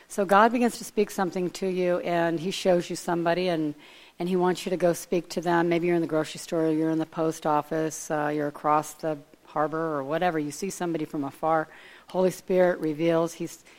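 Woman, low voice, informal sermon, chatty, digressive, speculative. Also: steady tone, brisk. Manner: conversational and digressive, speculating aloud. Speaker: preacher.

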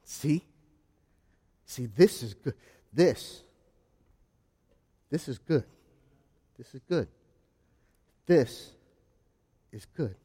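A man preaching a sermon as pastor, swinging from hushed, low asides to loud, shouted lines. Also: expressive, very slow, pauses often, husky, in a large hall. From South Carolina.

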